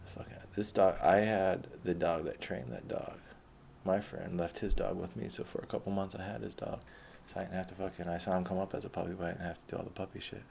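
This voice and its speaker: Podcast host, male, young adult: low gravelly voice, loose profane rambling, slight room noise. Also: fairly even intonation, quick pace, a little mellow. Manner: rambling, heavy swearing, laughs often.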